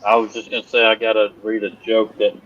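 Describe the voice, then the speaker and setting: A man's voice: fairly low pitch, monotone, fast talker, fairly bright tone, a little hiss or hum. A man co-hosting a live stream who tells jokes and chats casually. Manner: joking storyteller. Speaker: stream co-host. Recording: dull lo-fi audio.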